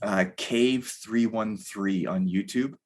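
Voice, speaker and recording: A man's voice: on the low side, slow, a little mellow. A man in his thirties, a podcast guest talking candidly in a rambling way, full of fillers. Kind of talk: casual conversation.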